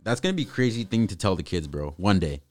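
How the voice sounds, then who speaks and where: Deep-voiced young man hosting a podcast. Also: lively intonation, fast, over a noisy crowd. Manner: laid-back, slangy, chuckling. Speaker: podcast host. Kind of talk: casual chat.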